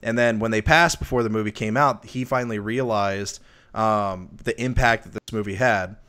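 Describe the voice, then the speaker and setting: A man's voice: on the low side, normal speed. Chatty, rambling male podcast host. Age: adult with a wife and kids. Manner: rambling, lots of restarts and fillers; animated when retelling stories. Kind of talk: casual movie review chat.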